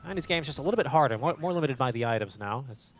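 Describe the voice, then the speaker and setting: A man casting an esports match with quick, excitable play-by-play commentary. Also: mid-range voice, faint music behind. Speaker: esports caster.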